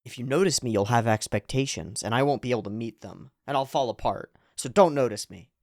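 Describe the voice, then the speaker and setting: A man's voice: mid-range voice, brisk, dry recording, clean studio sound, lightly acted. A man voicing an anxious young male rapper who begs not to be noticed, pleading and panicky.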